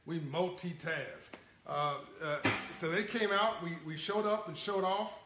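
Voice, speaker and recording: High-voiced man chatting to his stream. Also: normal speed, roomy sound, noisy background. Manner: chuckling, animated, folksy. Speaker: livestream host. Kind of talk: casual livestream talk to viewers.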